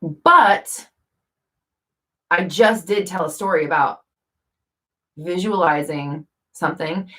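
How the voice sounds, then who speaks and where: A woman's voice: sits low, fairly bright tone. A woman vlogger talking casually to camera, rambling with fillers and self-corrections.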